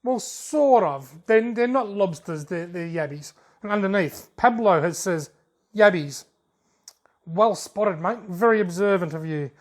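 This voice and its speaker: A man's voice: sits high, animated, unhurried. An Australian man hosting a fishing video channel, casually reading out viewer comments in a jokey, laid-back way and chuckling often.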